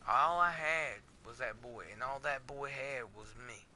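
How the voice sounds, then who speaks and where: A man's voice: mid-range voice, a little slow, sharp tone, a little hiss or hum. A man, a podcast host giving a candid, emotional monologue in a blunt and profane way.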